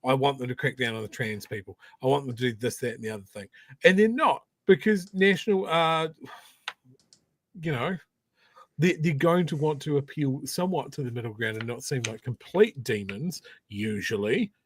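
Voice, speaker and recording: A man co-hosting a casual political podcast, animated and emphatic, repeating his words for stress. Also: mid-range voice, normal speed, dry recording. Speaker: podcast co-host.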